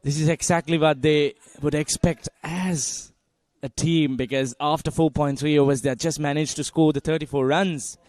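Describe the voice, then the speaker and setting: Measured male cricket commentator, dry sound. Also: fairly high pitch, steady tone, a little mellow, dry recording. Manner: measured, analytical, with frequent fillers.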